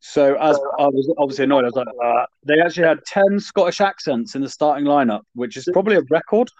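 A man's voice: fairly high pitch, quick pace, a little mellow, dry recording. A man co-hosting a casual sports chat, blunt and bantering, swearing casually. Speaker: podcast co-host. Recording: dull lo-fi dry recording.

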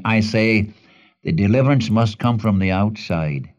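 A man's voice: on the low side, a little slow, a little mellow, dull audio. A man teaching the Bible in an earnest radio sermon, repeating phrases for emphasis and calling the listener friend.

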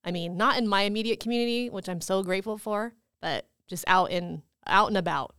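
A woman from California co-hosting a podcast, talking in an earnest, measured way with many fillers. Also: medium pitch, fairly bright tone, clear, resonant tone, no room sound, clean studio sound. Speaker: podcast co-host. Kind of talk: casual chat.

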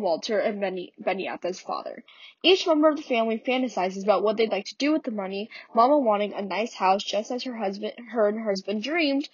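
Breathy young woman summarizing a play. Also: medium pitch, dry recording, dull audio. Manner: earnest, with small restarts. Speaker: podcast host. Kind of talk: scripted literature summary.

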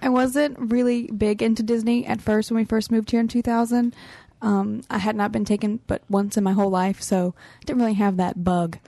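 A woman's voice: on the high side, flat delivery, a little fast, few pauses, dark tone, no room sound. A woman on a podcast team telling a story in a casual chat, laughing often and acting out the lines she quotes.

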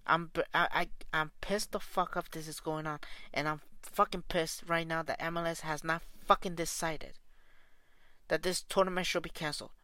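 A man's voice: fairly high pitch, fairly even intonation, normal speed, bright, forceful tone, clear, resonant tone, no echo. A man who coaches soccer, delivering an angry, profane and repetitive spoken rant.

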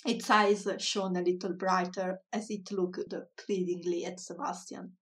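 Woman storyteller, slow soft read-aloud, mic a bit distant. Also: on the low side, steady tone. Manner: slow, soft, measured reading. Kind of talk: reading a children's story aloud.

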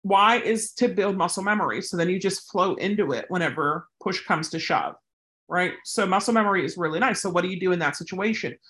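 A woman's voice: on the low side, fairly quick, a bit bright. A woman who handles service dogs, answering a viewer's question in a casual, rambling way with plenty of tangents. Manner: rambling, goes off on tangents, chatty. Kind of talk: casual advice vlog.

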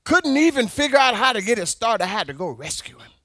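A man's voice: very high voice, sing-song, fast, bright, forceful tone, no echo, studio quality, exaggerated voice. A man quoting his older father-in-law, who gives stern, cautioning advice. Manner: cautioning, lecturing.

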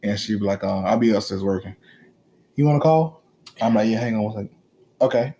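A man in his thirties co-hosting a casual podcast chat, telling animated, teasing stories about his kids with plenty of profanity. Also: fairly low pitch, fast talker. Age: 30s. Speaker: podcast co-host.

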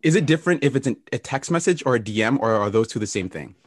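Young male podcast host, fast, teasing, laughs a lot. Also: medium pitch, animated, slightly rough. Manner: joking, teasing, quick to laugh. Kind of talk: casual podcast banter.

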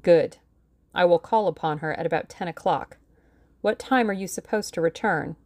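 A woman voicing a shrewd older male lawyer who speaks in a calm, dry, authoritative way. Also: fairly low pitch, moderate pace, no echo, natural voice. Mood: measured.

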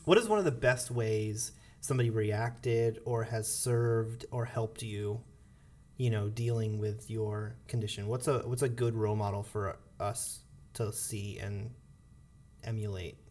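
A man hosting a casual conversation, asking questions gently with many "you know"s. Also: on the low side, unhurried. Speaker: host. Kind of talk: casual chat.

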